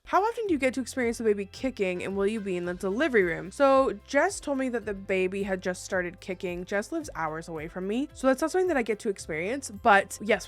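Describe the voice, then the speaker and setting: A woman in her thirties chatting casually as a vlogger, telling stories in a bubbly, animated way with excited outbursts. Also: mid-range voice. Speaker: YouTuber answering viewer questions. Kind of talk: casual chat.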